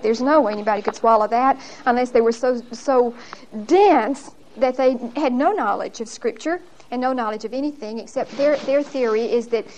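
A woman's voice: fairly high pitch, a little hiss or hum, low-quality recording. A woman giving a Bible lesson. She tells her stories in an emphatic, folksy way and often laughs as she talks. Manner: lively, laughs often while telling stories. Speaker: Bible teacher.

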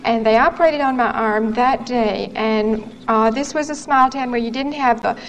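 A woman's voice: fairly high pitch, moderate pace, low-quality recording. A woman in her thirties giving an earnest, candid personal testimony. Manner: earnest, candid storytelling with quoted dialogue. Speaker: testimony speaker. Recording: faint background noise, 1970s recording.

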